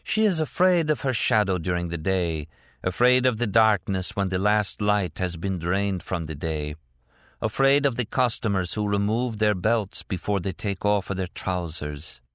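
A man voicing a strange young Italian woman with an Italian accent, speaking slowly and dreamily. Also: on the low side, lively intonation, a bit bright, clear, resonant tone, no room sound, clean studio sound. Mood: dreamy. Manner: slow, dreamy, deliberate.

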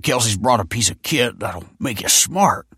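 A man voicing a blunt, tactless middle-aged delivery man who yells his words slowly. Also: medium pitch, expressive, husky, dry recording, studio quality, voice pushed up, exaggerated voice.

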